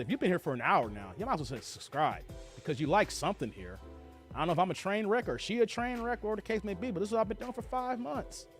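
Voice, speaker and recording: A man hosting a livestream, reacting to clips with heated, swearing commentary and reading out viewer comments. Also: high voice.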